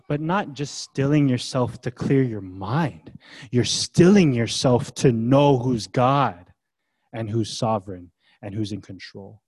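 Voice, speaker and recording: Emphatic male pastor preaching. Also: medium pitch. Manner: swings from hushed to loud and emphatic, casual asides. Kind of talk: sermon.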